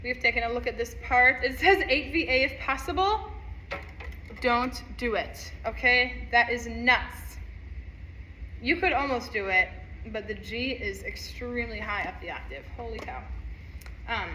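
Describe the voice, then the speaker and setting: Bright-voiced woman teaching music. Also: a little high, animated, measured pace, slight background noise. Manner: counts rhythms aloud and sings them; upbeat, encouraging. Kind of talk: instrument lesson walkthrough. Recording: echoey room, faint ambience.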